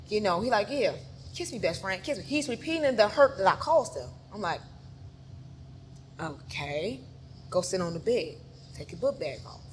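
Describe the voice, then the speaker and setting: A woman telling an emotional personal story, acting out each scene and swinging from hushed to loud. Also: medium pitch, a little hiss or hum. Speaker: photographer telling her story.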